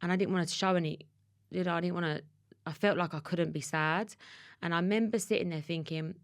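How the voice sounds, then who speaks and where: Woman, essex accent, low gravelly voice, dry close sound, emotional rambling storytelling. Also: fairly even intonation, brisk, dry recording. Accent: Essex English. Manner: emotional, tumbling storytelling with restarts. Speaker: podcast guest. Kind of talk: candid conversational interview.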